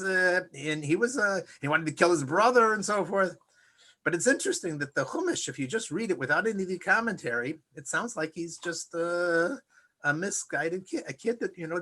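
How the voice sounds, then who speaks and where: A man's voice: high voice, pushed and bright. A man giving an informal Torah class, talking conversationally and acting out the figures he quotes. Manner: conversational, acts out quoted characters; frequent fillers and restarts. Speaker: Torah teacher.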